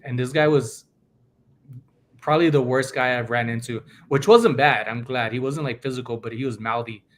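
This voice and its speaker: A man's voice: medium pitch, normal speed. A man hosting a podcast, chatting casually and acting out the people in his stories. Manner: animated storyteller acting out quoted people. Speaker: podcast host. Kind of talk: casual chat.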